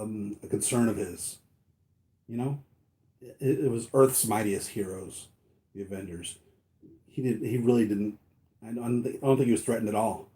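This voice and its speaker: Man, low voice, mellow tone, casual rambling chat, lots of fillers. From United States. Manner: rambling, many fillers and restarts. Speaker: toy collector vlogger.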